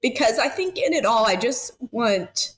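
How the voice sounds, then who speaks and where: Her voice is fairly high and animated, moving at a measured pace. She's a foster parent in her thirties, a guest in a heartfelt podcast conversation, sounding earnest and emotional and leaning on many fillers.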